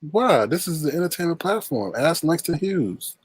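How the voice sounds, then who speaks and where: Teasing male host, husky and very dry sound, animated delivery. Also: a little high, normal speed, no room sound. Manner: playful, teasing, makes bird calls. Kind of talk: casual chat.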